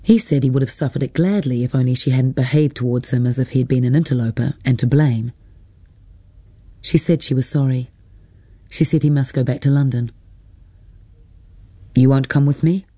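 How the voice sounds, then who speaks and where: A man reading a literary novel as an audiobook narrator, measured and even. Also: mid-range voice, husky, no room sound.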